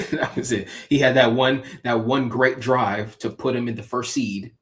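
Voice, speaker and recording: A man's voice: medium pitch, a little slow. A man co-hosting a casual sports chat, rambling and laughing often as he tells stories. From California. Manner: rambling, laughs often, lively ups and downs. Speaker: podcast co-host.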